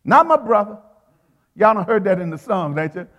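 A man's voice: sits high, very animated, moderate pace, fairly bright tone, long reverb tail, muffled recording. A male preacher delivering a sermon in a rhythmic, repeating style. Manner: rhythmic, repeats phrases, calls to the congregation.

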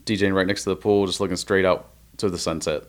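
Fast-talking deep-voiced man. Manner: relaxed, matter-of-fact storytelling. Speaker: DJ, podcast guest. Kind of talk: casual conversation.

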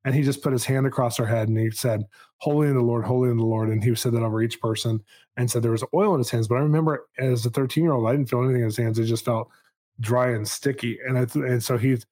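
A man in his forties with a mid-pitched voice recounts a personal story in a relaxed podcast chat. He talks in an animated, self-amused way and slips quick asides into the telling. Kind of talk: casual storytelling.

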